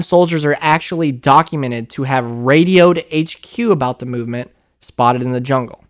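An American man hosting a casual paranormal podcast, telling stories in an animated way with frequent laughs. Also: a little high. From United States. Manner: animated storyteller, laughs often, acts out quotes. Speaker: podcast host.

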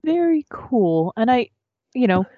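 A woman interviewer on a video call asks friendly, halting questions between short backchannels. The sound is dry and close, with slightly dull call audio. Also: fairly high pitch, sing-song, dry recording. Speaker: interviewer host.

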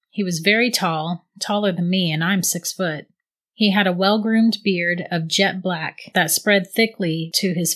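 A woman giving steady, reflective first-person audiobook narration. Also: on the low side.

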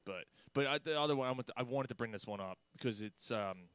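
A man telling prank stories in casual chat, animated, with loud mimicked outbursts. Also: mid-range voice, fast talker, clean tone, no echo. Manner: animated storyteller, loud mimicked outbursts, laughs mid-story.

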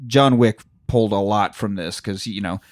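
A man's voice: fairly low pitch, normal speed. A man co-hosting a podcast, recapping a film in casual chat, swearing freely and laughing often. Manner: profane, jokey, laughs often, acts out scenes. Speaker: podcast co-host.

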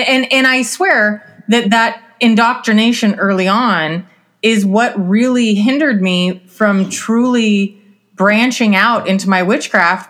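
A woman co-hosting a podcast, telling a story from her own life. She speaks earnestly and with animation in a relaxed, casual conversation. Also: on the high side. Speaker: podcast co-host.

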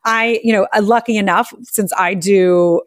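A woman's voice: medium pitch, steady tone, normal speed, no echo, clean studio sound. A woman in her forties hosting a podcast, chatting eagerly and laughing often while she interviews a guest. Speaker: podcast host. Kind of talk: casual interview chat.

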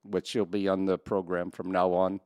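A man's voice: low voice, little pitch movement, moderate pace, a little mellow, no echo, studio quality. An older man co-hosting a podcast, chatting casually and joking with frequent laughs. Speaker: podcast co-host. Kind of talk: casual chat.

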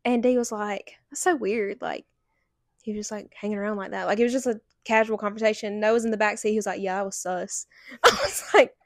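A woman's voice: medium pitch, steady tone, fast, no echo, clean studio sound. A young woman co-hosting a podcast, telling a story in casual chat and filling it with "like". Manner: chatty storytelling, heavy use of "like". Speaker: podcast co-host.

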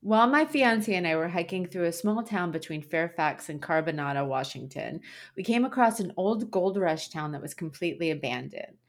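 A woman's voice: lowish voice, animated, normal speed. A young adult woman co-hosting a podcast in casual chat, who reads a spooky online post aloud and laughs and swears along the way. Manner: chatty, laughing, swears for emphasis. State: tired. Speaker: podcast co-host.

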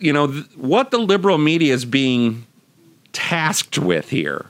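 A man's voice: medium pitch, fairly bright tone, no room sound. A man hosting a podcast of political media commentary, talking in a sarcastic, mocking way. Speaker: podcast host.

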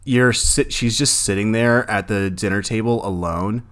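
Young male co-host, very deep voice, loud and emphatic, casual movie talk. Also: moderate pace. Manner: loud, emphatic, chimes in with agreement. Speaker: podcast co-host. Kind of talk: casual movie review chat.

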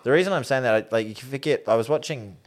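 A man in his forties with a New Zealand accent, co-hosting a casual podcast and telling animated stories. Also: medium pitch, rapid-fire. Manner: animated storyteller, acts out quotes in raised voices. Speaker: podcast co-host. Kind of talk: casual chat.

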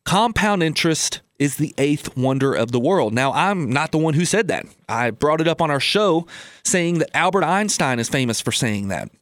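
A man's voice: a little high, lively intonation, moderate pace, dry recording, studio quality. A man hosting a personal finance radio show, telling a folksy family story and repeating key lines for emphasis. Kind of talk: casual radio talk about personal finance. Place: radio studio.

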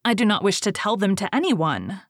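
A woman's voice: medium pitch, very animated, moderate pace, no echo, studio quality. A woman reading the curt, firm lines of a proud, defiant young noblewoman in a storybook.

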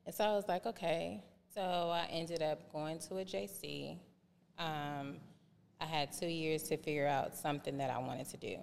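A woman telling a long personal story in a casual podcast chat, animated and acting out remembered dialogue in different voices. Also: deep voice, normal speed, gravelly. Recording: reverberant room with faint background noise.

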